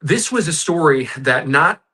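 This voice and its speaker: Male talk host, bright tone, slightly high, conversational. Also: lively intonation, unhurried, husky. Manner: conversational, dramatic storytelling. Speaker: show host. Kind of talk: talk show interview.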